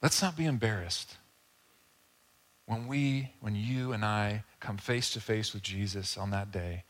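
A man preaching a sermon in a conversational, casual way, with asides and quick acted-out quotes. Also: fairly low pitch. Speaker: pastor.

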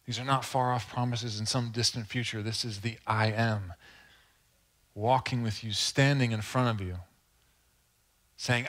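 A male pastor delivering a sermon in an earnest, conversational way. He talks straight to the congregation with rhetorical questions and asides. His voice sits at an ordinary, mid-level pitch for a man. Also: fairly even intonation, a little slow, long pauses, a bit bright.

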